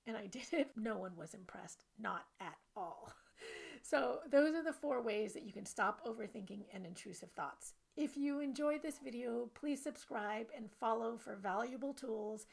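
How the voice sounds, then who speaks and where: A woman self-help coach giving an animated, playful instructional video lesson. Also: a little high, normal speed, vocal fry.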